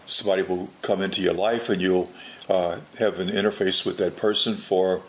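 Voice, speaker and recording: A man giving a spoken religious teaching in an unhurried way, often restarting and repeating his words. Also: low-pitched, steady tone, fairly bright tone. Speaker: Catholic preacher.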